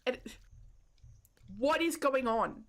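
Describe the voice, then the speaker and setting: A woman's voice: high voice, slow pace. A woman, casually chatting with viewers while live-streaming a game, joking about herself and laughing often. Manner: self-deprecating, giggly, chats with viewers.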